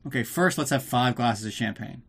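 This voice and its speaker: A man's voice: medium pitch, brisk, gravelly, slightly rough. A man hosting a casual movie recap podcast, ranting and sarcastic with plenty of swearing, drinking while he talks. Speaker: podcast host.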